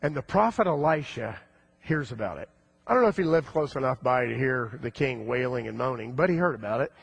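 A male preacher telling a story in a sermon, animated and acting out the characters' voices. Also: mid-range voice, fairly quick, creaky, slightly rough, no echo.

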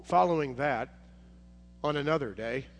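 A man's voice: mid-range voice, moderate pace. A male preacher giving a sermon, retelling a Bible story in a conversational, vivid way. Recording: hall reverb, faint noise.

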